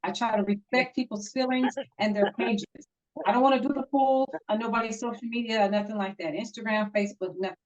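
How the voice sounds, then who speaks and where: A woman's voice: fairly high pitch, steady tone, brisk. A woman co-hosting a casual podcast, telling a story in a heated, emphatic way. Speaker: podcast co-host. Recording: dull lo-fi audio.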